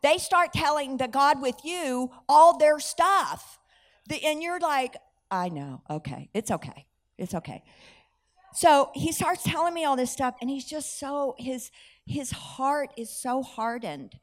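A woman's voice: high-pitched, slow. A woman with a slightly raised voice delivers a sermon as storytelling. She animates each exchange, acts out the dialogue and laughs at her own lines. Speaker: preacher.

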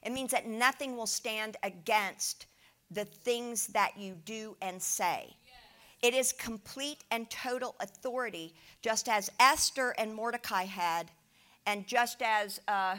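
A woman preaching a sermon with slides, animated and emphatic, often asking her listeners rhetorical questions. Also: medium pitch, takes it slowly.

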